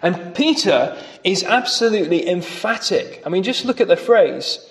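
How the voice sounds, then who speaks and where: Man, sermon, emphatic delivery, slightly high voice, long hall reverb. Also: animated, moderate pace. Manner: emphatic, varies pace and loudness for stress. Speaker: preacher.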